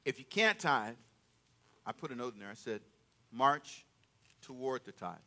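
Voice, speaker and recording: A man's voice: mid-range voice, expressive, unhurried. A man preaching a sermon as pastor in a church, calling out to the congregation for responses. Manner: call-and-response preaching, loud and emphatic. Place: church sanctuary.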